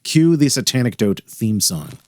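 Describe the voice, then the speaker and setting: A man's voice: medium pitch, very animated, normal speed, darkish tone, no echo. A man hosting a solo podcast, talking in a dry, sardonic way with wry asides. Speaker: podcast host.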